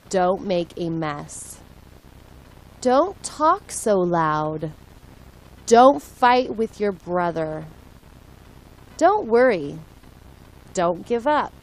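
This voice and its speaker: A woman reading short English sentences aloud slowly and deliberately, one at a time, for listening practice. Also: mid-range voice, rough recording. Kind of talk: slow read-aloud for learners.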